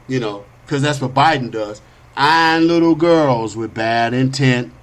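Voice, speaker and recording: A man hosting a podcast, telling an animated parable in street slang, swinging between high whiny character voices and low asides. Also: measured pace. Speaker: podcast host. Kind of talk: storytelling monologue.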